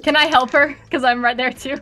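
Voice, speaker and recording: Brief: a playful, giggly woman player with a higher voice over music. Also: steady tone, fairly quick, bright, forceful tone. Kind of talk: playing a tabletop game.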